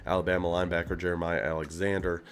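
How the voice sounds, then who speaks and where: A man hosting a gaming channel, chatting casually through a team breakdown in a relaxed, rambling way with asides. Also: low voice, racing. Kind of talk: casual video game commentary.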